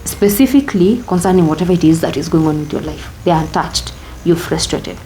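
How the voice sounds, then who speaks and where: A young woman with a Kenyan accent shares a personal story in an interview. Her voice sits low and sounds dark and soft, and she talks reflectively, moving between English and Swahili phrases. A light background hiss runs under the recording. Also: lively intonation, fairly quick. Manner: candid, reflective, switches into Swahili phrases mid-sentence. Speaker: interview guest.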